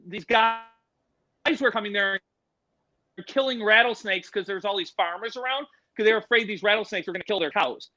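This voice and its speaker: Casting: middle-aged man, high bright voice, a lively swearing storyteller, dry close mic. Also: dry recording, rough recording. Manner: animated, swears freely, acts out voices in his stories. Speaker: podcast guest, animal educator. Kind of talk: casual storytelling.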